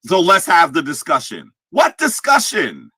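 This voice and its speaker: A man in a heated livestream argument, confrontational and shouting his challenges. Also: on the high side, wildly swooping pitch, a little slow, husky, no echo.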